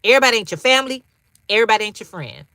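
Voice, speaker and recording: A woman's voice: fairly high pitch, expressive, rapid-fire, pushed and bright, no room sound, studio quality. A woman hosting a casual livestream, talking straight to viewers, repeating phrases for emphasis with slangy asides. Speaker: livestream host.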